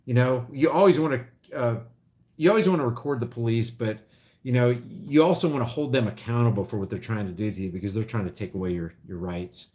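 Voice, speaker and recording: A middle-aged man talks casually to his livestream viewers in a medium-pitched voice. He rambles, restarts his sentences and reacts to chat, his level rising and dropping as he goes. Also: brisk. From Oklahoma. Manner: rambling, restarts, swings loud and quiet. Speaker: vlogger reading live chat.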